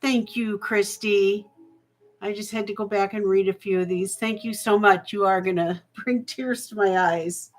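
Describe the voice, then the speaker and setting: A woman's voice: mid-range voice, fairly even intonation, rough recording. A woman hosting a live-streamed jewelry auction, chatting with viewers and thanking them as she calls the bids. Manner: slow, chatty, thankful, with fillers. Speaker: live jewelry sale host.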